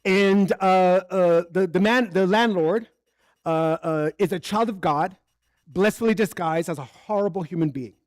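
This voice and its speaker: A spiritual speaker with a high-pitched voice gives an unhurried, candid sermon at a spiritual center service, weaving it from personal stories. He speaks conversationally and acts out the dialogue as he goes, and the recording is clean studio sound with no room tone.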